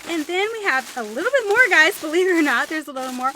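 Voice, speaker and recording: A young woman vlogging at home, unboxing gifts from a friend in a gushing, excitable way, with squeals and gasps. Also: high voice, brisk, few pauses, a little hiss or hum. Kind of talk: casual vlog unboxing.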